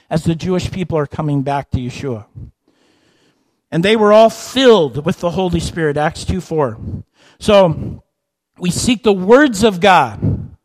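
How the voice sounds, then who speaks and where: A man preaching a sermon, shifting between quiet explanation and raised, animated passages, sometimes voicing imagined listeners. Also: no room sound, low-quality recording. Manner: animated, rises and drops in pitch and volume, acts out listeners.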